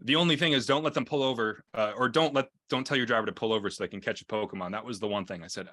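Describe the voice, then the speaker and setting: Talking very fast with hardly any pauses, a man runs an EMT class by video call, weaving anecdotes into the lecture amid frequent fillers and restarts. He's the instructor, and his lowish voice comes across pushed and bright on a dry recording.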